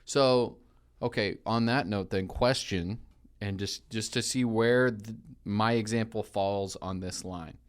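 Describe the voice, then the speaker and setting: A man in his forties with a low-pitched voice, chatting casually as co-host of a radio show. He talks in an easygoing way, teasing his partner and laughing often. The recording has the sound of a radio studio. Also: steady tone, unhurried, smooth. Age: 40s.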